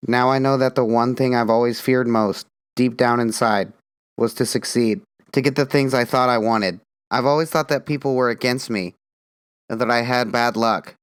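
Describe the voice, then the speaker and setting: A man's voice: medium pitch, clean tone, no echo, clean studio sound, natural voice. A man voicing a woman, a former TV personality, speaking earnestly and confessionally in an audiobook. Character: young woman, former TV personality, newly calm. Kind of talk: audiobook dialogue reading.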